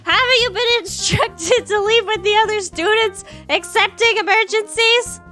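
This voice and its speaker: A fussy male bird teacher with a put-on French accent, as a woman voices him, pitched high and bright. He speaks formally and scolds his student in this dating-game dub. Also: normal speed, soft background music. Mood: stern.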